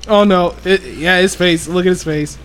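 A man's voice: high voice, normal speed, a little hiss or hum. A male podcast guest teasing and laughing in casual chat.

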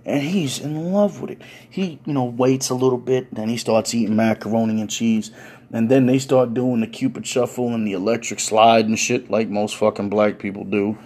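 A husky-voiced man tells a story in laid-back, profane street slang. His voice sits mid-range. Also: medium pitch, steady tone, moderate pace, darkish tone. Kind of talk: casual comedic storytime.

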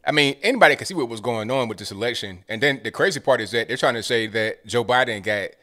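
A man's voice: mid-range voice, lively intonation, quick pace, sharp tone. A man hosting a call-in show, talking loosely and chattily with offhand asides. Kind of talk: casual call-in talk.

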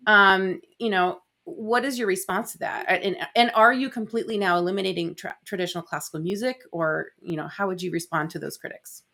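A woman hosting an interview. She asks thoughtful, hedged questions and adds gentle backchannel responses. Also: medium pitch, fairly even intonation, a little fast, vocal fry, few pauses. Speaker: interviewer, host. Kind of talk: conversational interview.

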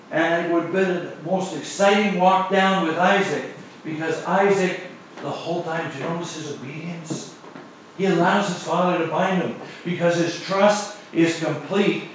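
A man's voice: high voice, slight background noise. A man preaching a sermon, telling a personal story and then repeating his points with emphasis. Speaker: pastor. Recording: echoey distant lo-fi church recording.

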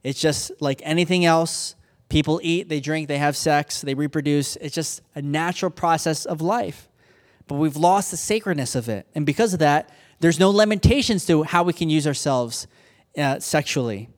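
A man's voice: on the high side, moderate pace. A young adult man preaching a sermon, retelling Bible stories casually and acting out the characters in his own voice. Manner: casual storytelling, acts out characters. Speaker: pastor.

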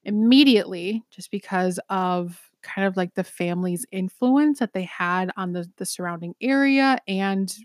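A woman's voice: medium pitch, dry recording, studio quality. Chatty woman telling a true-crime story. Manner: chatty, many ums, swears, quick laughs. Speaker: podcast co-host.

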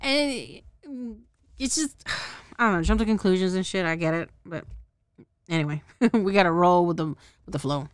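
A woman's voice: lowish voice, normal speed, pauses often, smooth, no echo, studio quality. A woman hosting a podcast, giving a casual, rambling movie recap with plenty of swearing. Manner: rambling, profane, laughs at herself. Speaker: podcast host.

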